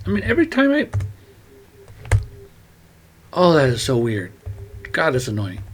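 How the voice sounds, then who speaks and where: With keyboard typing in the background, a man mutters a rambling think-aloud monologue while he writes, meandering and letting thoughts trail off. He speaks into a glove-covered microphone. His voice is mid-range with a fairly bright tone.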